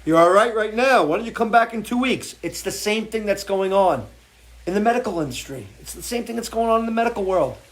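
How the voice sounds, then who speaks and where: A man's voice: high voice, expressive, a little fast. A man hosting a live music show, talking off the cuff in an impassioned, swearing rant full of restarts. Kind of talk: off-the-cuff livestream talk. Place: home porch.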